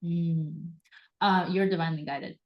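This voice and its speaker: A woman hosting a live card reading, enthusiastic and animated, acting out little quoted voices as she coaches. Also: on the low side, a little slow, gravelly, muffled recording. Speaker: host and intuitive reader.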